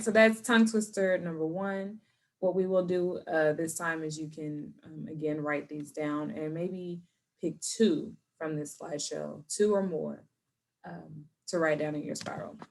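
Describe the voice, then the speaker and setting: Woman teacher, remote lesson, patient, encouraging, slightly low voice, computer mic. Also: steady tone, fairly bright tone. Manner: patient, encouraging, slows down to model words.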